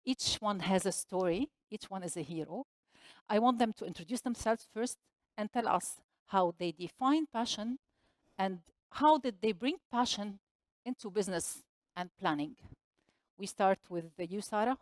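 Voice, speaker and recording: A woman's voice: mid-range voice, lively intonation, moderate pace, no echo. A woman moderating a panel, introducing the speakers in an encouraging way.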